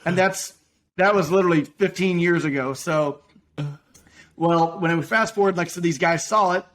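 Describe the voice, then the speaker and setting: Male podcast guest, folksy rambling storyteller, voice sits a touch high. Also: fairly bright tone. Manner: folksy, rambling, quick to act out quotes. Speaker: podcast guest, roofing business owner. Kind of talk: casual storytelling.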